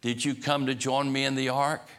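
Figure: Noah, a man doing a gentle old prophet. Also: mid-range voice, little pitch movement, normal speed, lightly acted. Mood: inviting. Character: Noah, aged prophet, calm and kindly.

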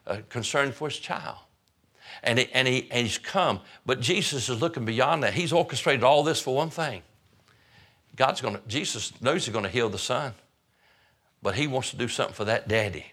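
A man's voice: medium pitch, a bit bright. Fervent preacher man. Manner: fervent preaching with storytelling and frequent restarts. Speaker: pastor. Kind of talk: sermon.

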